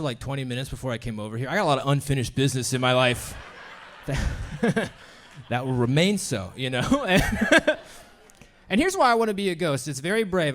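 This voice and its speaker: A man's voice: mid-range voice, a bit bright, a little hiss or hum. A young man performing a brash, crude stand-up set in a comedy club, laughing at his own jokes.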